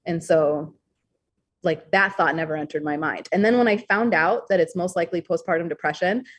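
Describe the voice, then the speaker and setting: A young adult woman talking candidly as a podcast guest, expressive and blunt, swearing freely. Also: on the low side, brisk. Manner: frank, expressive, swears freely, acts out quoted thoughts. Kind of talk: candid interview conversation.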